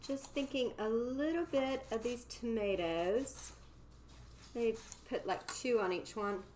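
Her voice is fairly high and a bit dark in tone, and she talks slowly over slight background noise. While cooking on her live home show, this woman rambles in a playful, casual way and cracks herself up with her own jokes.

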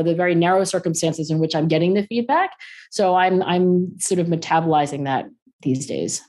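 A middle-aged woman speaks as a podcast guest in a loose, animated way, laughing easily and acting out the voices of people she quotes. Her voice sits fairly low for a woman. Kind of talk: casual interview conversation.

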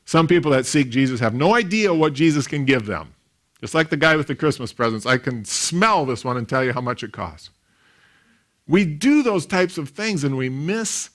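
A man, a pastor, preaching a sermon in an animated storytelling way, with big swings in loudness. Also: fairly high pitch.

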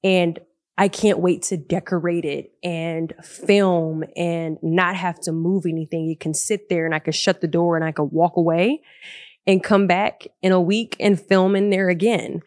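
Young woman, podcast host, lowish voice, dry close sound, chatty and excitable. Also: a little slow, dry recording. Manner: chatty and animated, laughs often. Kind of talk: solo podcast talk. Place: living room of a large loft apartment. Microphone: podcast microphone.

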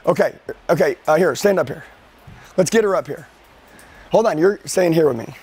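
Brief: man, sales trainer, high and punchy, pushes the room hard. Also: moderate pace. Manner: energetic, emphatic, drills questions at the audience. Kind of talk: live sales training with role-play. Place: training seminar with a live audience.

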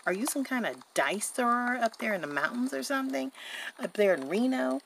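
A woman voicing a chatty young woman in a doll-play story, talking in an animated, indignant and giggly way. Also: fairly high pitch, fairly quick, gravelly, slight background noise, pitched above the performer's own voice. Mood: accusing.

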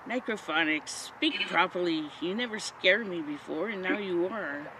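The audio is poor, and this woman's lowish voice has a sharp tone and a moderate pace. Out in a forest at night for her paranormal vlog, she nervously asks spirits short questions as traffic passes in the background.

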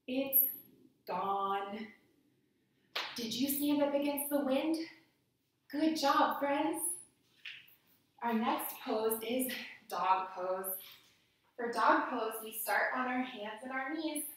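A woman guiding children through a yoga lesson with gentle, playful cues. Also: on the high side, slow pace, pauses often. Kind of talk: guided kids' yoga lesson. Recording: echoey room, somewhat far from mic.

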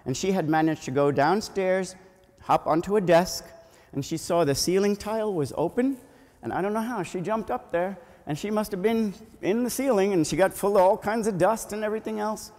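Priest with a fairly high voice in a church. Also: male voice, moderate pace. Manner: animated storytelling, asks children questions. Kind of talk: children's homily at a family Mass. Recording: long church reverb.

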